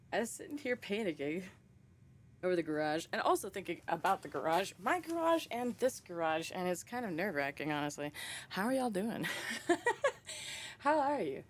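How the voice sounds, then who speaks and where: A woman's voice: mid-range voice, very animated, normal speed, slight background noise. A young woman streaming a horror game, chatting casually with viewers, laughing often and swearing freely. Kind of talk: casual live-stream chat.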